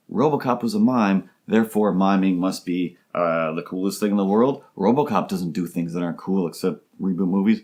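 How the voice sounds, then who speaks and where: A man's voice: sits low, brisk, few pauses, a little mellow, faint music behind. A man hosting a comedy podcast alone, talking in a rambling, goofy way that keeps interrupting itself. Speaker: host. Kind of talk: comedic solo podcast monologue.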